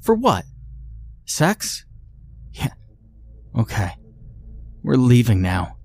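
A betrayed husband, bitter and curt, his demands cut short and hard, as a male narrator plays him. The voice stays fairly low and unhurried. It belongs to a dark spoken horror tale.

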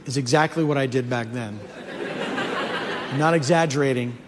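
A man, a comedian, telling a comic story in an animated way. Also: medium pitch, moderate pace, in a large hall, noisy background. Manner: animated, building to mock-outraged shouts.

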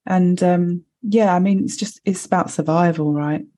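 A woman's voice: fairly low pitch, fairly even intonation, moderate pace, dark tone. A woman, co-hosting a podcast and speaking in thoughtful, hesitant casual chat. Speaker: podcast co-host.

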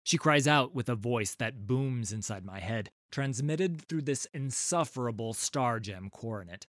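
A man giving scripted first-person narration of a fantasy story in a dramatic, measured way. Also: mid-range voice, expressive, fairly bright tone, dry recording, clean studio sound.

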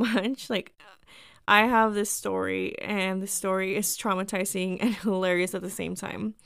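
A woman's voice: a little high, creaky, a bit bright, clear, resonant tone, no room sound, studio quality. A woman in her thirties casually telling personal stories, chatty and full of fillers, acting out the people she quotes. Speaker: storyteller.

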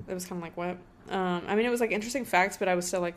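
A woman's voice: fairly low pitch, rapid-fire, a little hiss or hum. A young woman hosting a casual solo podcast, thinking aloud in a rambling way with lots of fillers. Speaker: podcast host.

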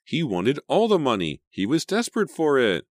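A man's voice: mid-range voice, huge pitch swings, normal speed, dry recording, studio quality, voice pushed up. A man voicing a frantic, desperate teenage girl.

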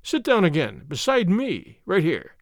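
A man's voice: high-pitched, wildly swooping pitch, a little slow, dry recording, studio quality, full character voice. A man voicing a purring, sneering army captain. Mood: domineering. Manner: sneering, overbearing. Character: arrogant bold army captain suitor, male. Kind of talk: audiobook character reading.

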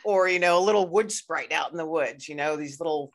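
A woman hosts a relaxed podcast interview. Her voice sits on the low side, and she talks in a loose, chatty way, full of filler phrases. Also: a little fast. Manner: chatty, rambling, many "you know"s. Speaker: podcast host. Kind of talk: casual conversational interview.

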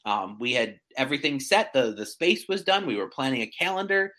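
A man in his thirties chatting casually as a guest, animated and self-mocking, often stumbling over restarts. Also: mid-range voice, fairly quick. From central New York. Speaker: guest, real estate agent. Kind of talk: casual chat.

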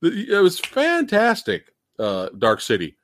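A man hosting a casual livestream movie chat, talking in an animated, emphatic way and laughing often. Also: high-pitched, unhurried, no echo, studio quality. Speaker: show host.

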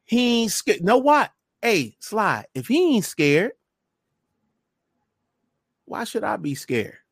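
High, lively, emphatic man. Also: takes it slowly, gravelly, breathy edge, no room sound, studio quality. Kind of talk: casual chat.

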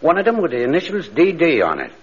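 A man's voice: on the high side, wildly swooping pitch, fast, husky, heavily acted. An actor playing a dim, suspicious police sidekick with tough-guy slang, in 1940s radio comedy style. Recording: dull old radio broadcast.

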